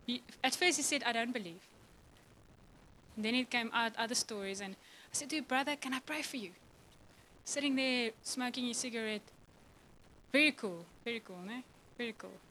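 A woman's voice: on the high side, moderate pace, long pauses, fairly bright tone, a little hiss or hum, rough recording. A woman preaching a passionate, emotional sermon to a church, often laughing and voicing God's words.

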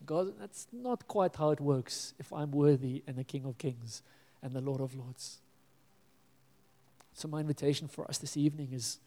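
A man's voice: mid-range voice, mellow, big-room sound. A man preaching a sermon as pastor, earnest and pleading, sometimes dropping to a near-whisper.

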